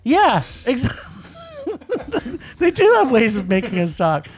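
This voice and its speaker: Animated man ranting about movies. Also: extremely high pitch, slow, crowd noise. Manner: animated, ranting, laughs often. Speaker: podcast co-host. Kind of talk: casual podcast movie rant.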